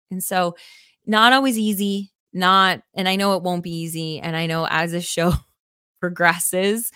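A woman's voice: on the low side, fairly even intonation, measured pace, sharp tone, smooth, no echo, studio quality. A woman hosting a podcast, talking in an earnest, enthusiastic and rambling way, with many fillers. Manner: enthusiastic, emphatic. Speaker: podcast host. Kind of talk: casual reflective podcast chat.

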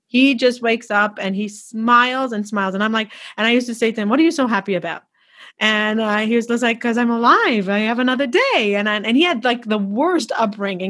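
A woman's voice: mid-range voice, fairly bright tone. A woman hosting an interview, chatty and effusive, often restarting her sentences. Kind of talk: conversational interview.

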